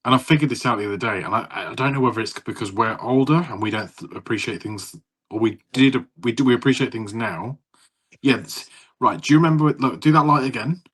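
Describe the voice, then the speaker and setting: A man in his thirties with a husky, slightly breathy voice, co-hosting a casual podcast chat. He rambles from story to story, laughs easily and swears freely. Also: medium pitch, fast, fairly bright tone. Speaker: podcast co-host.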